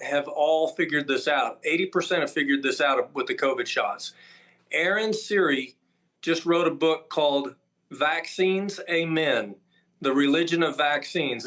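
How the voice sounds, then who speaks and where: A man's voice: fairly high pitch, fairly bright tone. A man speaking as a doctor who is an interview guest, emphatic and listing his points one after another with frequent "uh" fillers.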